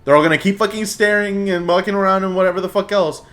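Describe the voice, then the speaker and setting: A man's voice: high voice, steady tone, fast talker, a bit bright. A man bantering crudely while commenting on a game with a friend. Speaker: game streamer co-host. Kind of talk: joking gameplay commentary.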